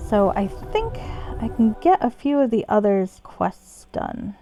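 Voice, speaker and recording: A woman's voice: fairly high pitch, very animated, unhurried, dark tone, soft background music. A woman streamer giving casual, wry commentary while playing a game, thinking aloud. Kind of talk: casual let's-play commentary.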